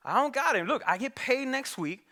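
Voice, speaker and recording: A man's voice: very high voice, animated, normal speed, sharp tone, voice pushed up, full character voice. A preacher acting out a broke young man who owes a friend money and hurriedly makes excuses. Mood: pleading.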